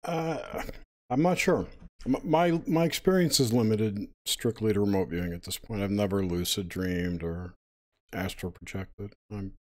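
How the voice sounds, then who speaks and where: A man on an interview panel who talks in a measured, hesitant way. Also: on the low side, a little mellow. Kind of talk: casual interview.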